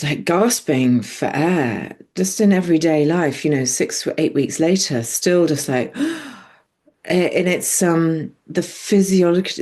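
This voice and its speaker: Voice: mid-range voice, a little mellow, slightly rough. A podcast host talking in a chatty, rambling way, full of fillers and restarts, asking the guest questions. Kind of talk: casual podcast conversation.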